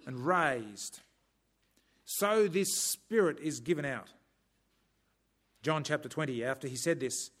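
A man preaching a sermon in a measured, emphatic way, breaking off now and then for dry humorous asides. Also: on the high side, a bit bright.

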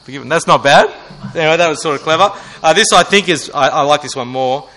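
A man's voice: on the high side, fast talker, sharp tone, poor audio. A young man giving a joking talk to a student audience, self-mocking and asking the crowd questions. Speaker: student ministry speaker.

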